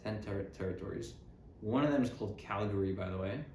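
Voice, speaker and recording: Talking quickly in a fairly low, slightly mellow voice, a man hosts a casual comedy podcast. His style is sarcastic and rambling, full of self-interruptions. The recording is roomy, with a bit of background noise.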